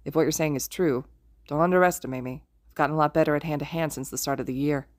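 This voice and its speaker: A woman doing a deadpan, sarcastic teenage boy. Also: low voice, fast, no echo, studio quality, lightly acted. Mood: wry. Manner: deadpan, droning.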